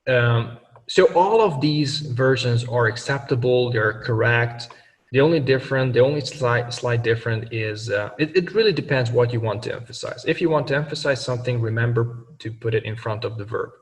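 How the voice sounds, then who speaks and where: A man teaching grammar to learners, pausing often with fillers and correcting himself as he slows down for examples. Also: medium pitch, in a large hall, distant mic. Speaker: language teacher.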